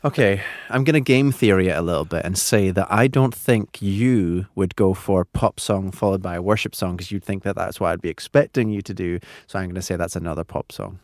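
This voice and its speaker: Man, low voice, dry close mic, self-deprecating and animated, casual podcast chat. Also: fairly quick, hardly any pauses, no room sound. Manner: animated, self-deprecating, laughs and groans often. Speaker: podcast co-host and quiz contestant.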